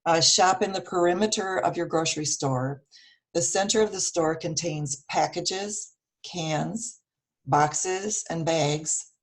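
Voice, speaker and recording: A hoarse woman from Wisconsin giving earnest wellness advice with many fillers, speaking over a video call. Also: fairly low pitch, takes it slowly. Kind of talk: casual online meetup talk. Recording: video call audio with dropouts.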